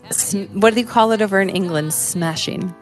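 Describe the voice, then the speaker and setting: A woman's voice: mid-range voice, quick pace, soft background music. An American woman, a musician guest talking casually and easily in an interview. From United States.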